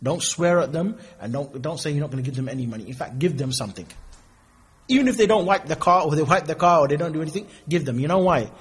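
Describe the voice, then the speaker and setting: A man delivers an informal sermon at a quick clip. His voice is husky and sits a little high. He slips into the voices of the people in his stories as he goes. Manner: animated storytelling, mimics people in quoted exchanges. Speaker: preacher. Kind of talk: informal sermon with acted-out dialogues.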